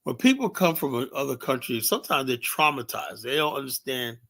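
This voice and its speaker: A man's voice: mid-range voice, animated, brisk, fairly bright tone. American guy doing a casual livestream rant, rambly, swears a lot, lots of "you know", medium voice. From United States. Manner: loose, rambling, heavy filler words and profanity. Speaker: livestream host.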